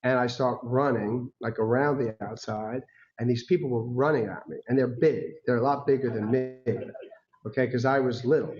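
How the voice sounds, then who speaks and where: A man's voice: medium pitch, normal speed, soft background music. Guy telling stories from the stage, keeps laughing and doing other people's voices, kinda muffled lo-fi sound. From United States. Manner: lively storyteller who acts out quoted voices and laughs often. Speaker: guest speaker. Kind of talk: personal storytelling talk. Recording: dull lo-fi recording.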